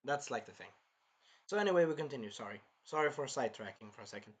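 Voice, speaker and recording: A man hosting a casual anime episode review, rambling and sidetracking, often apologizing and clearing his throat. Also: medium pitch, animated, fast talker. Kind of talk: casual chat recapping an episode.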